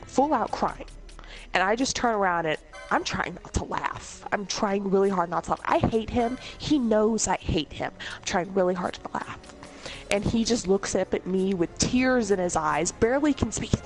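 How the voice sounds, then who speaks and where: A woman telling comedic stories in a casual, rambling way, laughing often and swearing freely. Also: mid-range voice. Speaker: storyteller host.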